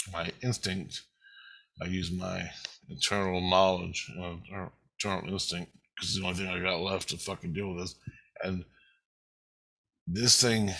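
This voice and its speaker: A man's voice: low-pitched, sharp tone, rough recording. Intense, profane man in his fifties. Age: 50s. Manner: intense, emotional, heavy swearing. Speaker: vlogger recounting a spiritual experience. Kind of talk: rambling first-person account.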